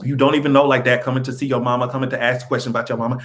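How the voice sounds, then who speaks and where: A man hosting a casual livestream, talking in an animated, profane way with sudden jumps in pitch and frequent laughter. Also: very fast, few pauses. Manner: laughs often between remarks. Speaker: livestream host.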